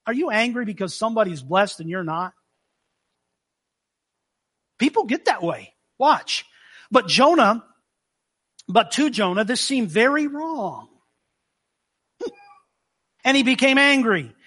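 A male pastor delivering a conversational sermon with a very high, bright voice. He acts out the scripture as he reads it and questions his listeners directly. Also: very animated, slow pace, long pauses, husky.

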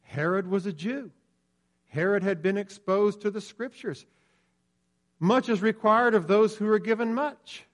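Earnest male preacher, fairly high voice. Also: a little slow. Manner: earnest, emphatic. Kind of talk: sermon.

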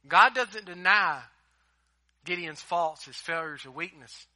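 A man preaching a sermon as a pastor, emphatic, swinging between loud declarations and hushed asides. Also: high-pitched, animated, unhurried, no room sound, clean studio sound.

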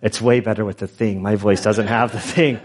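A middle-aged pastor telling stories in a loose, self-deprecating sermon with many restarts and asides. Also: male voice, lowish voice, fairly even intonation, normal speed. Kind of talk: conversational Bible teaching with stories.

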